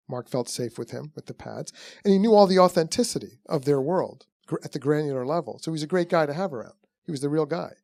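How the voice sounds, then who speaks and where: In a studio-quality recording with no room sound, a film director chats onstage, wandering through animated stories and acting out quotes. His pitch is fairly high, and he keeps restarting sentences and adding "you know".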